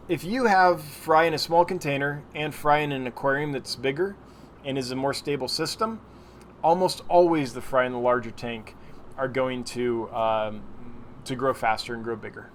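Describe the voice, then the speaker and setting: A man's voice: mid-range voice, a little hiss or hum. A man hosting a weekly livestream, chatting casually as he answers viewer questions and laughs at his own slips. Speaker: livestream host.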